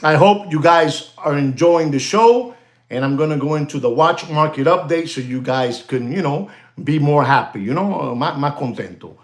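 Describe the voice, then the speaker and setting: A man hosting a live stream, excitable and animated, thanking viewers and mixing in exclamations. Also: fairly high pitch, normal speed.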